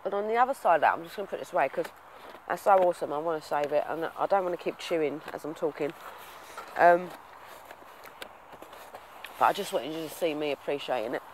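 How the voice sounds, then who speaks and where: This vlogger's fairly high voice moves briskly yet leaves long pauses as he rambles to the camera, earnest and reflective, calling himself a waffler and leaning on fillers. The recording is rough, with slight background noise.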